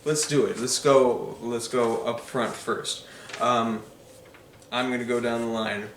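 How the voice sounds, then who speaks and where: A man's voice: medium pitch, fairly even intonation, takes it slowly, fairly bright tone, echoey room, far from the mic, slight background noise. A man giving enthusiastic, casual movie commentary, full of ums and uhs. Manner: enthusiastic, filler-heavy with frequent ums and uhs. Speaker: film reviewer.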